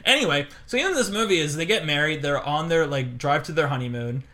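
A man co-hosting a podcast, chatting casually and telling long, animated stories with lots of fillers and laughter. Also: fairly high pitch, quick pace. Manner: rambling, animated storytelling with many fillers and laughs. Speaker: podcast co-host. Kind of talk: casual chat.

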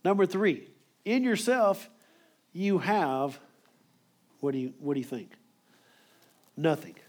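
Male preacher, slightly higher voice, emphatic, quick sermon delivery. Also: sing-song.

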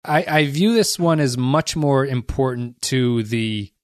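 Man, podcast co-host, casual chat, mid pitch, dry recording. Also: unhurried, no room sound. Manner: reads listener comments, thanks patrons.

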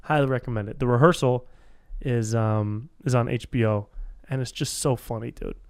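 A man's voice: mid-range voice, steady tone, moderate pace, clean tone, dry recording. Rambling, profane podcast guy. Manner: casual, rambling, profane, says dude a lot. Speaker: podcast host. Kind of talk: freestyle solo podcast monologue. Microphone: podcast microphone.

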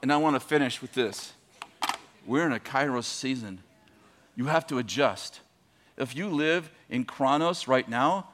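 A man's voice: mid-range voice, unhurried, a bit bright. A man preaching on a podcast, telling a long story with laughs and growing emphasis.

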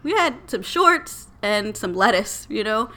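A woman, telling a story as a podcast co-host in a casual, animated and exasperated way. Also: mid-range voice, measured pace. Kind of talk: casual chat.

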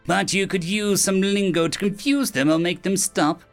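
A man's voice: high voice, steady tone, normal speed, soft background music, pitched above the performer's own voice. A man voicing a curious young male dungeon core who speaks earnestly.

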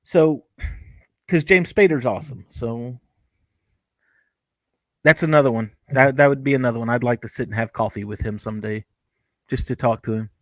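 Casual review co-host, man, middle-pitched, rambly and chatty, dry close sound. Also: moderate pace, pauses often, dry recording. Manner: rambling, chatty, with frequent restarts and asides. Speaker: podcast co-host reviewing TV episodes.

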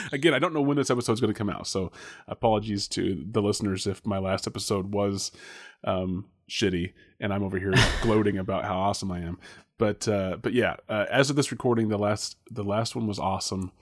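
A man's voice: on the low side, fairly quick. A man co-hosting a casual podcast, rambling with many fillers and restarts and laughing often. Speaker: podcast co-host guessing films.

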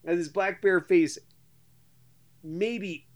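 A man hosting a podcast, telling a profane, animated story in casual chat. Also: sits high, drawn-out words. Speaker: podcast host.

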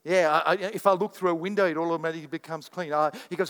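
A man preaching a sermon as pastor, animated and repetitive, telling stories to his church. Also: fairly high pitch, quick pace, few pauses, big-room sound. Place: church sanctuary.

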